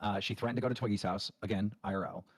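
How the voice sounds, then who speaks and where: A man's voice: lowish voice, fairly even intonation, very fast, no echo. A man hosting a livestream show, talking bluntly and emphatically with plenty of profanity. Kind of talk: livestream commentary.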